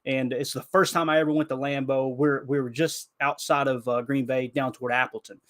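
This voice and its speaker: A man from Kentucky with a Southern accent, telling stories on a podcast in a lively, animated way, dropping "bro" and "man". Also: medium pitch, brisk. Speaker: podcast co-host. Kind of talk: casual podcast storytelling.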